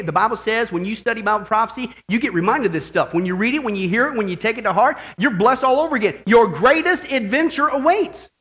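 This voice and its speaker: A male pastor preaching with fervent energy, his voice strikingly high for a man. The tone is bright and forceful, and he swings from hushed confiding asides to shouted hallelujahs. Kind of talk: sermon.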